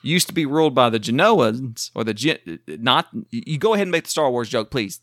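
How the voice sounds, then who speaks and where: Animated bright-voiced man rambling excitedly. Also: mid-range voice, normal speed, dry recording, clean studio sound. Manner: excitable, rambling history explainer. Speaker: podcast co-host. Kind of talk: casual chat.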